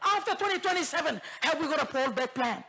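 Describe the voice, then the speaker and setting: Woman MP with a Bougainville accent, passionate parliamentary speaker, gravelly and forceful, mixes in Tok Pisin. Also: high-pitched, lively intonation, quick pace. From Bougainville, Papua New Guinea. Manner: impassioned, emphatic, repeats phrases for force; switches into Tok Pisin phrases. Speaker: member of parliament. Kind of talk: parliamentary debate speech. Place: parliament chamber.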